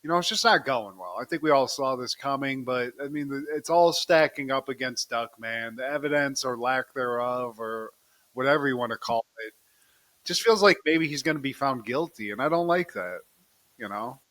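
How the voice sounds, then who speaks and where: A man's voice: mid-range voice, animated, normal speed, a bit bright. A man co-hosting a podcast, recapping a cartoon episode in a casual, profane, joking way and keeping his co-host in the conversation.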